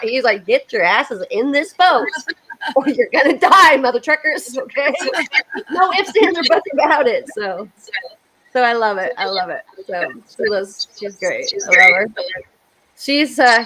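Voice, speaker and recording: Lively high-voiced woman chatting. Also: rough recording. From United States. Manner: animated storyteller, laughs often. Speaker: host. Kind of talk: casual chat.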